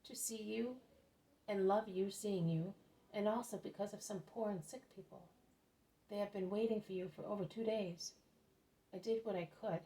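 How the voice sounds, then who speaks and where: A woman's voice: mid-range voice, steady tone, normal speed, dark tone, natural voice, low-quality recording. A woman reading the lines of an earnest, caring fisherman disciple in a plain way.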